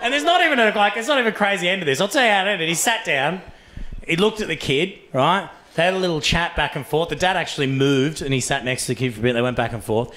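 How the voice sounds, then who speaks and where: A young Australian man doing stand-up, telling a story in a casual, sweary, excitable way. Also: a little high, fast talker. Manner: excitable, sweary, animated with laughs. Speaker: stand-up comedian.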